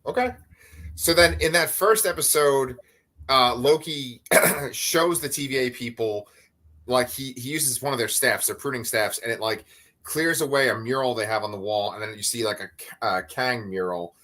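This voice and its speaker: Bright-voiced man chatting on a video call. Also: medium pitch, normal speed. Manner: animated, swears casually, tries silly voices. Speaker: co-host of a live review show. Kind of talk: casual chat. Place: home bedroom.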